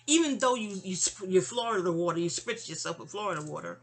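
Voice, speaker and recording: A woman's voice: medium pitch, fast talker, few pauses. A woman telling a personal story in a rambling way, full of stammering restarts and asides to her listeners. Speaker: memoir storyteller.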